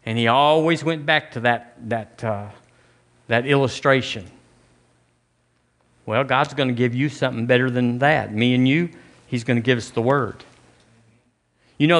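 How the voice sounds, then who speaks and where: A man's voice: mid-range voice, normal speed, pauses often, fairly bright tone. A man preaching a sermon as pastor, in a casual, conversational way, often restarting his phrases.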